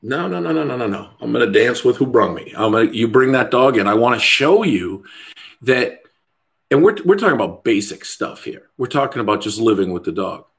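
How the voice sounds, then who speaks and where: A man's voice: mid-range voice, animated, fairly quick, fairly bright tone. A middle-aged man, a dog trainer, talking in casual podcast chat, blunt and profane, mimicking other people's voices as he rants.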